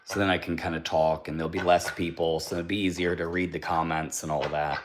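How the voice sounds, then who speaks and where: A man's voice: low-pitched, flat delivery, brisk, background noise. A man hosting a casual livestream, cooing to his pet duck in baby talk and thanking viewers for their comments. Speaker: livestream host.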